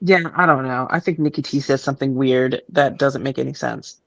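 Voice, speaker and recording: A woman co-hosting a live stream chat, mocking and blunt, often mimicking others in a high voice. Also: fairly quick, creaky. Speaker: stream co-host. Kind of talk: casual chat.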